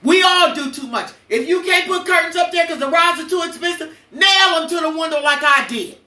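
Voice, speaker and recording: A woman's voice: very high voice, brisk, sharp tone, recorded from a distance. Blunt older woman in an echoey room. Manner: blunt, preachy storytelling with cursing. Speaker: podcast host. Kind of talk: emotional personal monologue.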